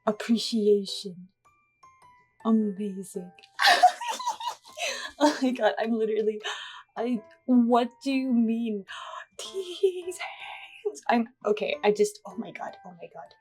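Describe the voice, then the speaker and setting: A young woman talks through her home baking in a casual vlog with a fairly high voice. She is excitable, gasping and swearing, and repeats herself over and over. Soft music plays faintly behind her. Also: takes it slowly, breathy edge. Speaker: baking vlogger.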